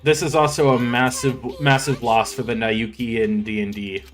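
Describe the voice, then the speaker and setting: A man's voice: mid-range voice, flat delivery, moderate pace, soft background music. A young man livestreaming a game, rambling, laughing and swearing casually. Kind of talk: casual gaming livestream chat.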